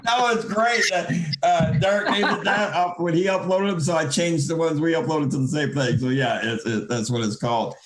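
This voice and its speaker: A man hosting a casual call-in show, chatting easily and thinking aloud as he works the call software. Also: on the high side, moderate pace, hardly any pauses. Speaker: show host.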